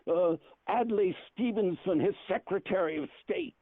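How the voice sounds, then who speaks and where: A man's voice: high-pitched, moderate pace, no echo. An older man telling rambling family stories on a casual phone call, repeating himself and laughing often. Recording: tinny phone line, dry.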